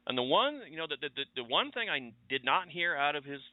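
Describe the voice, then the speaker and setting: A man's voice: on the high side, big pitch swings, brisk, no echo. A radio show host chatting casually and telling rambling stories about his week. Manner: rambling, conversational storytelling. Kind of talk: casual chat monologue. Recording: tinny phone-line audio.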